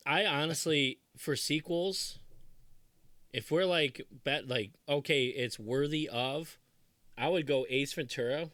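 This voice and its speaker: A man in his thirties co-hosting a casual podcast chat, animated and quick to quote movie lines in put-on voices. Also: a little high, dry recording. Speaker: podcast co-host.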